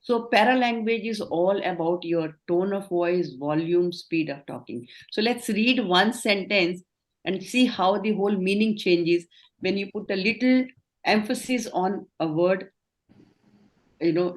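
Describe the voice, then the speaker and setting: A woman's voice: medium pitch, unhurried. A middle-aged woman with an Indian accent, leading an online training session, explaining and affirming answers. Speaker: communication trainer.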